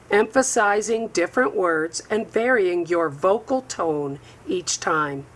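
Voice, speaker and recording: Slow, measured woman reading a lesson. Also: mid-range voice. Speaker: instructor. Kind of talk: scripted voice-over lecture.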